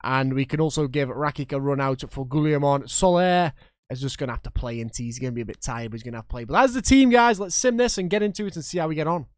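Excitable gamer commentating. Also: male voice, on the high side, fast talker, dry recording, studio quality. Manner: excitable, shouts at the referee and commentator, chatty with viewers. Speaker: gaming YouTuber. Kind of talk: game commentary.

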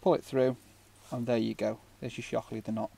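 A man's voice: mid-range voice, level tone, fairly quick, gravelly, mellow, slightly rough. A man giving a casual, rambling fishing knot tutorial with jokey asides. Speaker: fishing channel host.

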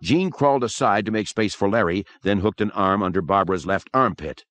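A man narrating a horror audiobook in an expressive, dramatic manner. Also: lowish voice, brisk. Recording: dry close recording.

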